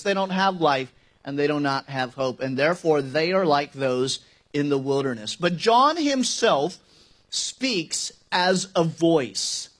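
A pastor with a notably high voice delivers a sermon in a church sanctuary. He talks conversationally but grows emphatic, throwing rhetorical questions to the congregation and slipping in wry jokes. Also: a bit bright.

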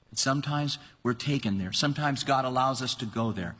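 A male preacher delivering an animated sermon, acting out quoted voices with sudden high-pitched cries. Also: fairly quick, husky. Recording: long reverb of a large hall.

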